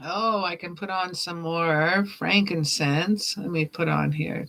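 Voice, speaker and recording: A woman's voice: lowish voice, steady tone, takes it slowly, vocal fry, a bit bright. A woman giving live-stream tarot readings, chatting casually with viewers, thanking them by name and laughing often. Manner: chatty, reads chat names aloud, laughs often. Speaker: tarot reader.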